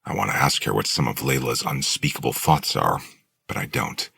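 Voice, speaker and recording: Very deep gravelly male narrator. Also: fairly quick, sharp tone, dry recording, clean studio sound. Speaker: audiobook narrator. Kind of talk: first-person novel narration.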